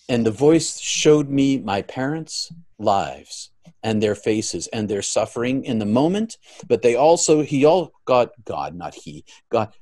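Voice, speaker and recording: A male guest earnestly recounts a personal story. His voice grows louder at the key moments and softens toward the end.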